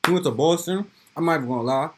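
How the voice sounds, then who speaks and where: A man's voice: a little high, rapid-fire, slight background noise. A man from Brooklyn, casually riffing in slangy, rambling reaction commentary. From Brooklyn, New York. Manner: slangy, rambling, keeps tossing in "bro" and "you feel me". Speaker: reaction video host.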